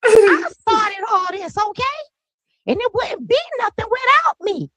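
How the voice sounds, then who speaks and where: A woman's voice: very high-pitched, animated, background noise, pitched above the performer's own voice. A woman doing a bossy self-crowned queen congresswoman. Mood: boastful. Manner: boastful, loud, drawn-out proclamations. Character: bossy older congresswoman calling herself queen.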